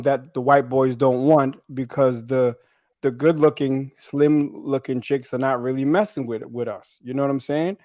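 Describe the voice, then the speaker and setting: A man's voice: medium pitch, dark tone, dry recording, clean studio sound. A man on a podcast panel telling blunt stories from life abroad in casual talk, often asking "you know what I'm saying".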